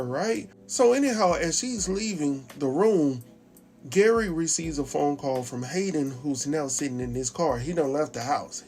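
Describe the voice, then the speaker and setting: Man, casual recap host, chatty, quotes dialogue, adds asides, somewhat high voice. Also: darkish tone.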